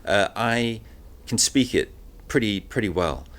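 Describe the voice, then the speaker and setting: A man with a fairly low voice speaks as a guest at a live shop recording. He talks openly and with energy, often pausing on fillers and starting his sentences over. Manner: candid and animated, with many fillers and restarts. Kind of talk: casual interview talk.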